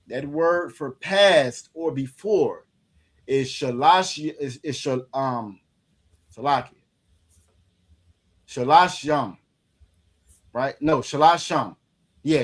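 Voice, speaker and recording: Casual man teaching with many fillers. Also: fairly high pitch. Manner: loose, repetitive, many fillers. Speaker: Hebrew language teacher. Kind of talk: casual language lesson.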